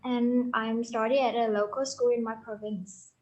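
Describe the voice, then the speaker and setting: A woman's voice: on the high side, fairly even intonation, moderate pace, a little mellow. A teenage girl with a Vietnamese accent introducing herself shyly in an online class. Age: teens. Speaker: student. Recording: muffled lo-fi video call.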